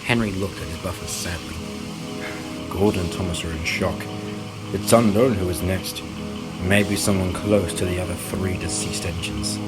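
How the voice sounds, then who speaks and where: A man narrating a fan audio drama in a steady, dramatic storytelling manner. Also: low voice, normal speed, over loud music, low-quality recording.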